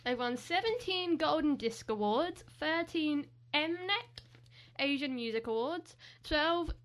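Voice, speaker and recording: Brief: young woman co-host, high voice, giggly, joking at her own expense. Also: expressive, takes it slowly. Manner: giggly, self-deprecating. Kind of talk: casual chat.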